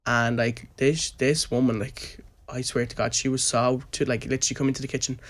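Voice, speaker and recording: A man's voice: medium pitch, a little fast. A young man with an Irish accent, telling stories as a podcast co-host in a casual chat, and putting on voices for the people in them. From Ireland. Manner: animated, does voices of people in his stories.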